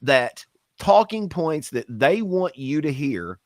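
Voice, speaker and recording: A man's voice: fairly high pitch, very animated, slow, dry recording, studio quality. A man co-hosting a casual podcast, ranting bluntly and swearing. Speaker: podcast co-host.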